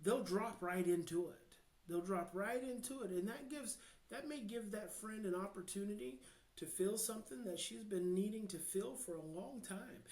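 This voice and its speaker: An American man, a guest expert on a podcast, talking passionately and earnestly, dropping to a hush and then building to emphatic points. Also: sits high, lively intonation, reverberant, rough recording. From United States. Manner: passionate, slows down to near-hushed then swells with emphasis. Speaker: guest, child behavior expert. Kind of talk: podcast interview, earnest advice.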